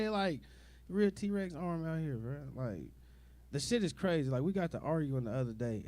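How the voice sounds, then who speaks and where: Young guy doing standup, kinda high voice, rambly and swearing a lot, lots of likes and bros. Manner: rambling, animated, profane, lots of filler. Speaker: stand-up comedian. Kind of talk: stand-up comedy set.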